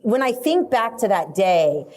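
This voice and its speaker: A woman's voice: mid-range voice, very animated, unhurried, darkish tone. A woman hosting a podcast interview, gushing and emotional, asking long, rambling questions. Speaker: podcast host.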